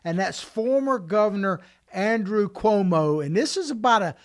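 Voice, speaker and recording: A man co-hosting a political podcast, talking emphatically in an animated way. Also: sits high. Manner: animated, emphatic, quick restarts. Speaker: podcast co-host.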